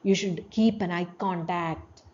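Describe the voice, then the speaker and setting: A woman's voice: steady tone, measured pace, highs cut off, slight background noise. A woman teacher giving a classroom lecture, explaining terms with frequent checks like "you know" and demonstrating tones with her voice. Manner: demonstrates tones by swinging her pitch and loudness.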